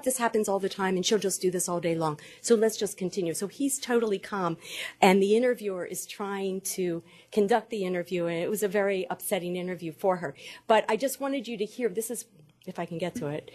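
Measured woman lecturing on caregiving research. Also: medium pitch, a little mellow. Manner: measured, cites statistics, pauses to work slides. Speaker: dementia care researcher presenting. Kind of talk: lecture presentation.

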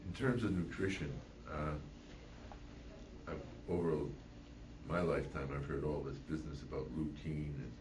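A man with a very deep voice asks questions from the audience, pausing often and filling the gaps. He is far from the mic in an echoey room, and there is clear background noise. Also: fairly even intonation. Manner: halting, with many fillers. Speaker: audience member asking questions.

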